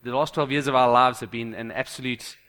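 A male pastor giving a sermon in church, lively and jokey, building up to emphatic declarations. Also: mid-range voice, fairly quick.

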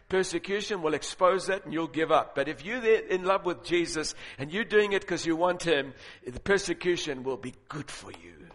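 A man preaching a sermon, telling stories and building to loud, emphatic points. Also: on the high side, lively intonation, moderate pace, hardly any pauses. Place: large auditorium with audience. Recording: long reverb of a large hall.

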